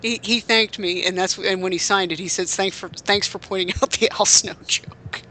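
A man's voice: high voice, fairly even intonation, normal speed, bright, forceful tone, a little hiss or hum. A man co-hosting a casual podcast, telling stories in a rambling way with frequent restarts and fillers. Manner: rambling, self-correcting storyteller. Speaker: podcast co-host. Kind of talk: casual chat.

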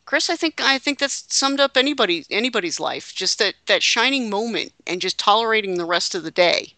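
A woman's voice: mid-range voice, animated, fairly quick, pushed and bright, no echo. A woman hosting a casual podcast chat, reading quotes aloud with joking asides. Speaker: podcast host.

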